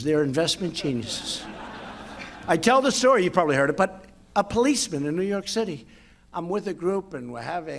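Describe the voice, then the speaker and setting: A man in his seventies gives an off-the-cuff speech to a crowd, rambling, repeating himself and boasting in superlatives. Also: a little high. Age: 70s. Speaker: speaker at a public event.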